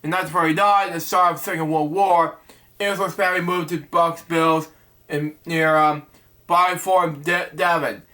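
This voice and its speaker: A man hosting a web show, reading out topics haltingly with many restarts and fillers, stumbling over names. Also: a little high, steady tone, pushed and bright.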